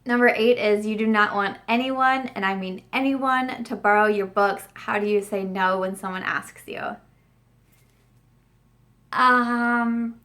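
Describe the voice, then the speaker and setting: A woman's voice: mid-range voice, a bit bright. A woman in her thirties vlogging casually to camera as a book reviewer, chatty, with frequent restarts and fillers.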